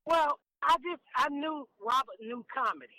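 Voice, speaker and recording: A woman comedian in her fifties, a guest on a phone interview, talking frankly and down to earth in animated stories. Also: high-pitched, moderate pace, no echo. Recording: tinny phone line.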